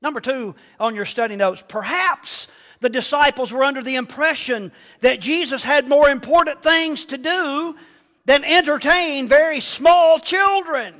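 A male pastor with a strikingly high voice delivers an animated sermon in a church sanctuary. He swings up into shouts and keeps throwing questions at the congregation. His voice trails off in a long hall reverb. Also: measured pace.

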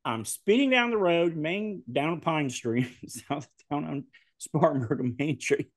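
Man, lively swooping voice, dry close sound, laughs through his stories. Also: a little high, slow pace, no echo. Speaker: podcast guest. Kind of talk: casual storytelling chat.

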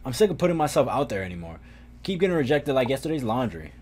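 A man reading aloud the lines of a moody, menacing young man in a video game, in a low, flat tone. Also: fast. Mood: bitter.

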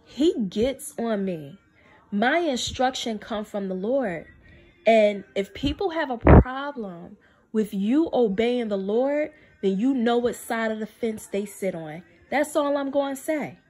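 A woman's voice: expressive, takes it slowly. A woman giving a spiritual testimony to camera in an emphatic way, repeating phrases for stress. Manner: drops low and soft to quote God. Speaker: faith video speaker.

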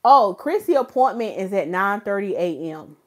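A woman's voice: medium pitch, normal speed. Woman livestream host, playful and chatty, jokes with her viewers, casual hairstylist talk. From North Carolina, USA. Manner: animated, playful, joking with viewers.

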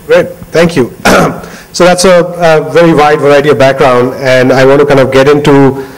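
A man moderating a conference panel, brisk and affirming as he hands over and asks questions. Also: fairly high pitch, little pitch movement, low-quality recording. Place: conference stage.

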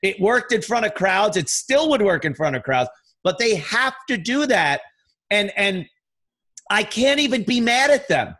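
A middle-aged man, a podcast guest, in a casual chat, talking bluntly with lots of swearing and animated storytelling. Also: high voice, measured pace. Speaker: podcast guest, radio host.

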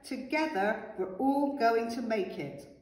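A woman as a calm, encouraging sweet potato hero. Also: a little high, slow, echoey room, big-room sound, low-quality recording. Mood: leading. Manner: steady, encouraging.

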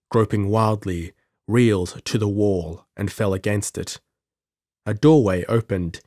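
A man narrating a pulp adventure story in an audiobook with measured, dramatic delivery. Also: on the low side, darkish tone, dry recording, studio quality.

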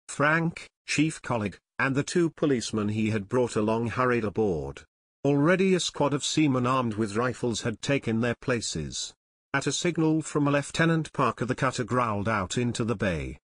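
Man, audiobook narration, steady storytelling, mid pitch, dry close studio sound. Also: no echo. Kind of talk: scripted narration.

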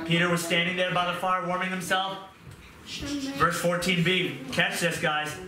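Impassioned high-voiced preacher in echoey room. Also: male voice, little pitch movement, moderate pace, over music. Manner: impassioned, swings from loud pleading to hushed, tearful moments. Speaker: pastor. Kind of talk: sermon. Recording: echoey room, mic at a distance, audible background noise.

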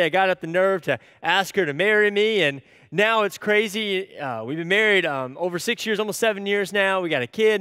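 A man in his thirties giving a sermon as an animated, self-deprecating storyteller. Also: high-pitched, no room sound, clean studio sound, in a large hall. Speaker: church staff speaker.

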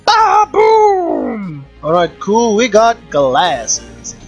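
A man with a high, lively voice talks through his gameplay in casual let's-play style. He is excitable, swearing and shouting at the action, yet speaks at an unhurried pace, with faint game music underneath. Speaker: gameplay commentator.

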